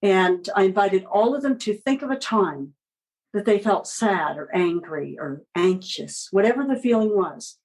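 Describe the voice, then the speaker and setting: Woman, children's author guest; gentle, expressive storyteller, medium pitch. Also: a little slow, low-quality recording. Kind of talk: podcast interview storytelling.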